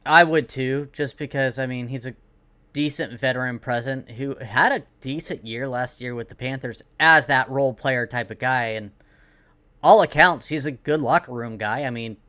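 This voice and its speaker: A man co-hosting a casual sports podcast, chatty and halting, with frequent "like"s. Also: mid-range voice, sharp tone. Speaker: podcast co-host.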